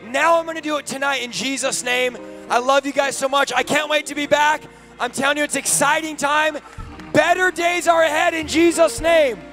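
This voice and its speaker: A man's voice: very high voice, fairly bright tone. A man giving an earnest, urging closing exhortation as guest evangelist at a church service.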